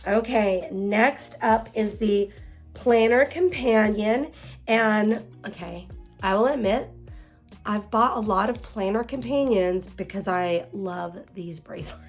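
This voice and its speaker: A young woman talks through an unboxing in a loose, casual way, gushing over each item and breaking into excited exclamations. Her voice sits at a middle pitch. Soft music plays quietly behind her. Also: slow pace. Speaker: planner unboxing vlogger.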